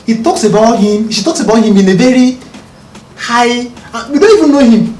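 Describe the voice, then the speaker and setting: A man, a podcast co-host talking calmly and earnestly, often checking whether he is understood. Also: very high voice, brisk, slight background noise. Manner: calm, earnest, explaining with rhetorical checks. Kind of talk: casual conversation. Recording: roomy, distant mic, faint music.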